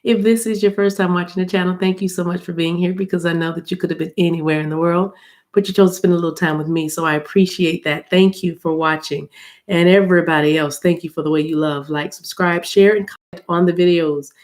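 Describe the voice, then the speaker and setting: An American woman doing a casual spiritual card reading, chatty and rambling, with a voice roughened by allergies. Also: fairly low pitch, fairly even intonation, a little fast, a little mellow. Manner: chatty and rambling, addresses viewers as y'all, laughs often. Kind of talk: casual tarot reading chat.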